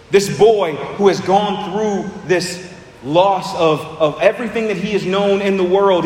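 A man with a high voice preaches an earnest sermon, walking his listeners through a scripture passage. His words ring out into a large, echoey sanctuary with a long reverb tail. A faint hum of room ambience sits underneath. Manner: earnest expository preaching, reads scripture then explains. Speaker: pastor.

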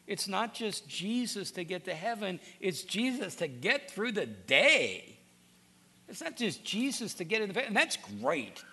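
Earnest preaching man with gravelly voice. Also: high-pitched, sing-song, a little slow, sharp tone. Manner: earnest, repeats words when starting sentences. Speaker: pastor. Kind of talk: sermon.

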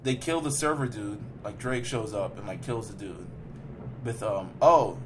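A man's voice: on the low side, a little slow, noisy background. A young man on a podcast rambling through a film recap with lots of fillers and profanity. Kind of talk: casual chat, recapping a film.

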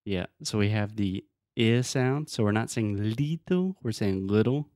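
A man's voice: lowish voice, moderate pace, darkish tone, dry recording, studio quality. A man co-hosting a podcast as an English teacher, patiently explaining words and drilling pronunciation in casual chat.

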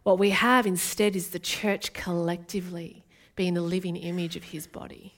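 A woman's voice: fairly low pitch, fairly even intonation, moderate pace. Earnest woman preaching. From Australia. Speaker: guest preacher. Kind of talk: sermon.

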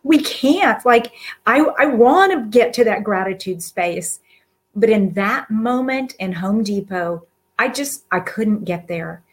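A woman with a medium-pitched, expressive voice speaks slowly to an audience as a guest. She's heartfelt and casual, earnest and warm-hearted, offering encouragement with soft laughs.

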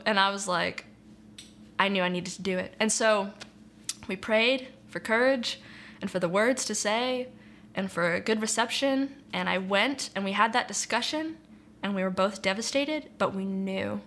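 Bright-voiced young woman sharing testimony. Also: mid-range voice, moderate pace. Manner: earnest, reflective, uses filler "like" and "you know". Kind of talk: personal testimony, candid conversational storytelling.

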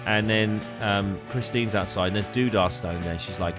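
A man's voice: on the low side, normal speed, over music. A man casually retelling a film's plot on a podcast, laughing often and hamming up the characters' lines. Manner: laughs often, acts out characters in exaggerated voices. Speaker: podcast co-host. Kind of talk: casual film recap chat.

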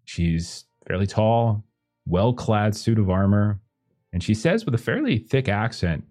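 A man's voice: on the low side, big pitch swings, a little slow, a little mellow, soft background music. A man running a tabletop game as game master, narrating loosely with many fillers. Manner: hesitant, lots of kinda and uh.

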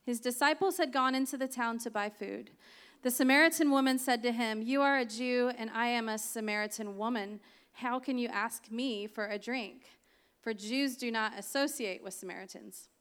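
A woman's voice: fairly high pitch, normal speed, fairly bright tone, clear, resonant tone. Chatty woman preaching with laughing asides. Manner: chatty, laughing asides between scripture reading. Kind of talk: sermon with Bible reading.

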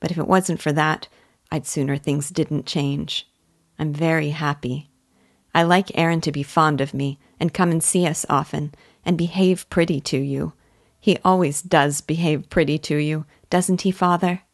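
A woman voicing a gentle, loving young village woman in a classic novel read aloud, speaking softly and earnestly. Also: sits low, steady tone, normal speed, no room sound, studio quality. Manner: soft, earnest and affectionate.

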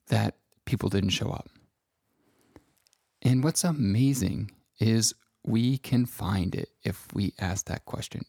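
A middle-aged man speaking slowly and gently in a reflective personal monologue about feelings, with long pauses. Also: fairly low pitch, gravelly, no room sound, studio quality. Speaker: self-help speaker.

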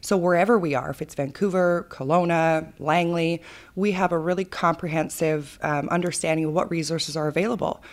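A woman's voice: deep voice, fairly quick. A woman in her thirties with a Canadian accent, the founder of a charity, telling her story earnestly and with feeling in a podcast interview. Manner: earnest, animated storyteller with fillers.

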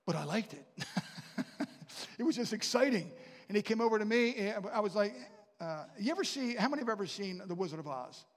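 A man's voice: sits high, expressive, a little fast. A man preaching a sermon, telling stories and asking the congregation questions. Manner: storytelling, with asides and questions to the congregation. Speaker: pastor. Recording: long reverb of a large hall.

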